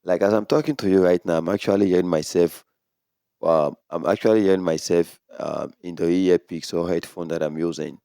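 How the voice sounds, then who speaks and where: Deep-voiced man explaining audio gear. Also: fairly quick, smooth, dry recording, clean studio sound. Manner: relaxed, explains step by step with many "so"s. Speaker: tech tutorial host. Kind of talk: casual how-to demonstration. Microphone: condenser microphone through a sound card.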